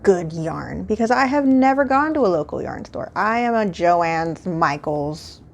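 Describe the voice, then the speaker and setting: A woman from Texas, hosting her podcast in a casual solo chat. She gushes excitedly and pokes fun at herself as she talks. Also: fairly low pitch, unhurried, gravelly, a little hiss or hum. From Houston, Texas. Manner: excitable, gushing, self-mocking. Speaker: podcast host.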